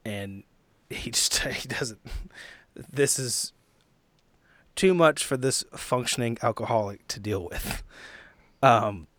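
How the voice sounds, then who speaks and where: A man at a tabletop game talks through what his character does, hesitating and restarting as he thinks. His voice is mid-pitched and the sound is dry and close. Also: takes it slowly, fairly bright tone, no room sound. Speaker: player. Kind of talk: tabletop role-play, casual.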